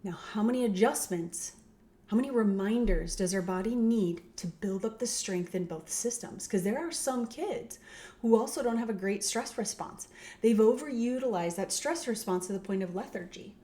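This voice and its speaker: Casual middle-aged woman chiropractor, chatty explainer with tag questions, medium pitch. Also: lively intonation, moderate pace, mellow. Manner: conversational, tag questions, acts out quoted voices. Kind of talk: casual educational talk.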